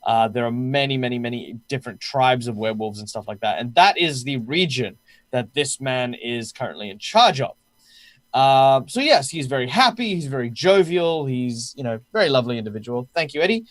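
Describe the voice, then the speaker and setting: A man's voice: mid-range voice, expressive, brisk, no echo, clean studio sound. A man narrating as game master of a tabletop game, talking in a hesitant way with many fillers.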